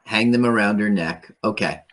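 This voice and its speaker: A man's voice: on the low side, normal speed, fairly bright tone. A man co-hosting a casual comedy show, joking and laughing often. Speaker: podcast co-host. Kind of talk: casual comedic chat over a video.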